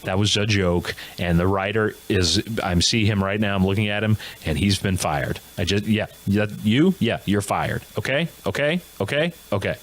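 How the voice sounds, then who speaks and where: A man's voice: on the low side, steady tone, normal speed, few pauses. A man hosting a comedic news monologue who laughs at his own gags. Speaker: comedy show host.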